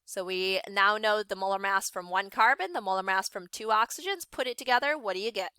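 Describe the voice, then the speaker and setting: Woman teaching online, bright clear voice, encouraging, brisk, calls out names. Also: mid-range voice, no echo. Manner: upbeat, encouraging, brisk calling out of student names. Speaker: science teacher. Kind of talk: online class lesson.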